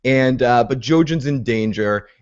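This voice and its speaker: A man's voice: medium pitch, unhurried, dull audio. A man co-hosting a casual recap podcast, retelling the episode with many fillers and restarts. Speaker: podcast co-host.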